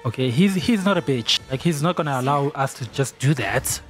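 A man playing a video game and reacting out loud, excitable and exclaiming at the screen. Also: mid-range voice, fairly quick. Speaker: gamer. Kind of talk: let's play reactions. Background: game sound and music.

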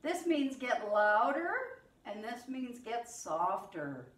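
Middle-aged woman, music teacher type, high and unhurried, talking kindly to little kids in an echoey room. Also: very animated. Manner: gentle, slow and patient, addressing young children. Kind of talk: children's sing-along lesson.

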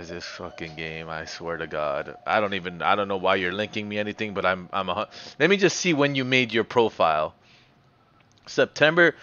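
A man's voice: mid-range voice, sharp tone, no room sound, muffled recording. A man streaming a puzzle game live, swearing, ranting and talking to his chat. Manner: profane, ranting, talks to chat. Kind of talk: live gameplay commentary.

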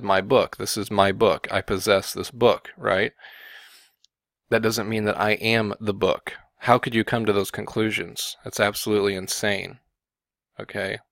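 A man giving combative Bible commentary, often pausing on "okay" and "you know" to press his point. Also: lowish voice, creaky, fairly bright tone, no room sound. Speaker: religious video commentator.

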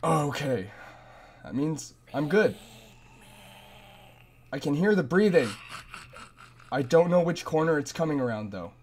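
A man's voice: fairly high pitch, expressive, unhurried, pauses often, darkish tone, a little hiss or hum. Panicky man doing game commentary. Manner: frantic, self-mocking, repeating "no" in panic. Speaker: gameplay commentator. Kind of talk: let's play commentary.

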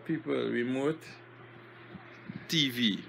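This is a man with a medium-pitched voice who hosts a laid-back home vlog, turning to the viewers to talk to them while he jokes dryly with his partner. He is talking from bed, and a constant background hiss fills the noisy home recording. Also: lively intonation, takes it slowly, vocal fry, a bit bright. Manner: addresses viewers as people, dry joking. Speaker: vlog host. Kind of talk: casual home vlog chat.

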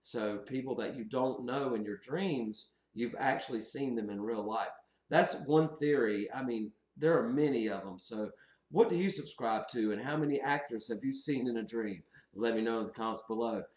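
Animated man telling a story in an echoey room. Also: medium pitch, normal speed. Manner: animated, laughs often while recounting. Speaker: channel host. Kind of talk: casual storytelling to camera.

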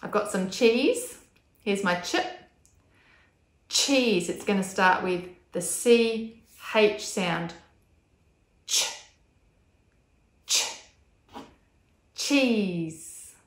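A woman's voice: mid-range voice, slow pace. Woman in an echoey room, carefully enunciating sounds. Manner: demonstrates speech sounds with careful, exaggerated enunciation. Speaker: speech pathologist. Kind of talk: instructional video explanation.

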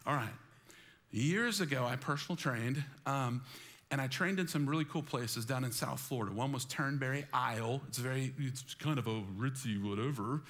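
A man preaching a sermon with high energy, calling on the congregation to join in and repeating phrases for emphasis. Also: normal speed. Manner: energetic, calls on the congregation to respond. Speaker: pastor. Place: church sanctuary.

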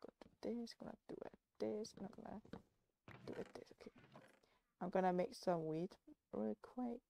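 A woman's voice: mid-range voice, normal speed, vocal fry, noisy background. A woman hosting a casual game let's play, playful and coaxing, baby-talking to the animals. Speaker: gaming channel host.

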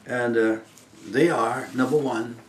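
This guest speaker, a German man in his eighties, delivers a sincere testimony meant to inspire, moving between loud stresses and gentle murmurs. His mid-range voice stays steady and unhurried, with echo and slight background noise in the recording.

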